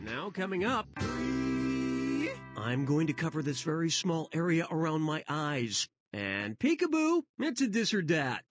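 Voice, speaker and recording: A man voicing a snarky quiz show host, tossing off sarcastic asides over loud game music. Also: on the high side, very animated. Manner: sarcastic, quick-witted asides. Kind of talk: comedic quiz game hosting.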